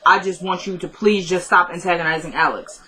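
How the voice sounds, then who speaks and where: This show recapper has a lowish, sharp-toned voice with fairly even intonation and a fairly quick pace, captured on a rough recording. She casually goes through a TV episode, replaying scenes as quoted exchanges packed with loose fillers.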